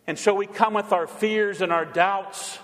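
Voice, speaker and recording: High-voiced pastor preaching in a reverberant hall. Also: male voice, steady tone, a little slow. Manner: emphatic, swings between loud proclamation and quiet asides. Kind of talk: sermon.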